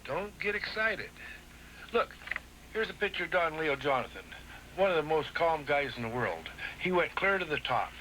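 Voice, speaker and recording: A man as a wrestling promoter in a staged TV promo, talking in a halting, stammering, placating way. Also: fairly high pitch, expressive, pushed and bright, slight background noise, rough recording.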